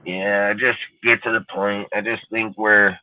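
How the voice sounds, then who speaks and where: A man's voice: fairly low pitch, level tone, a little slow, no echo. Blunt, profane man ranting over a phone line. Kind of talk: casual podcast rant. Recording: dry phone-line sound.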